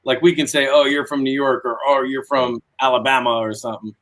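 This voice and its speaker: A man hosting a casual live chat, talking in an animated way with many fillers. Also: medium pitch, a little fast.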